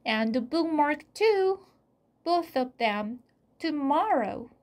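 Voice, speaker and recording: A woman voicing a tired, cautious young boy in a storybook reading, quiet and earnest. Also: high-pitched, sing-song, slow, voice pushed up, exaggerated voice.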